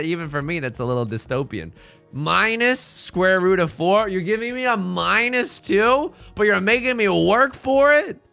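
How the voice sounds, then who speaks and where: Streaming a mahjong game live, a man banters with his chat in a hyped, self-mocking style, building up jokes and reacting loudly to risky plays. His voice is on the high side and creaky.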